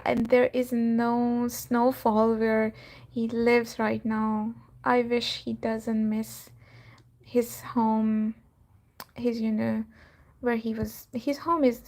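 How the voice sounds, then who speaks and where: A woman's voice: on the high side, vocal fry, a little mellow. A woman who runs a cattery and hosts her channel, chatting casually on a live stream, laughing often and trailing off with fillers. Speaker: cattery owner and channel host.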